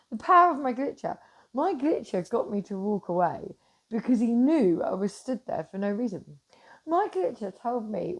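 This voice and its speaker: Gravelly, animated woman. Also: a little high, normal speed. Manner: animated, swears freely, swings from loud to hushed. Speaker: vlogger. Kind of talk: casual chat to camera.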